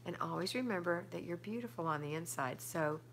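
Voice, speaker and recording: Animated and brisk, a middle-aged woman with a fairly low voice hosts a relaxed live stream at home. She reads viewers' comments aloud and replies, over a little hiss or hum.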